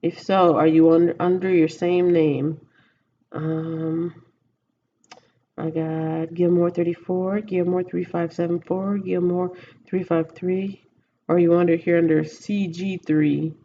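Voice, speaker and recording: A woman's voice: fairly low pitch, flat delivery, slow pace, dark tone, lo-fi sound, slight background noise. A Texan woman livestreaming from home, chatting casually and rambling as she thinks aloud to viewers. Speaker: livestreaming vlogger.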